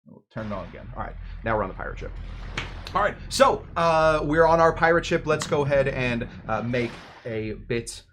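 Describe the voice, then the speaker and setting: A man's voice: medium pitch, animated, moderate pace, background noise. A man hosting a cocktail show, talking casually in a rambling way, interrupting himself with jokey asides. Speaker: host of a drinks show.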